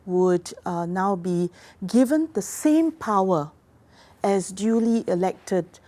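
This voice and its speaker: Female expert guest, mellow voice, deliberate and precise. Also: mid-range voice, animated. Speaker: policy research expert guest. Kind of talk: explanatory interview talk.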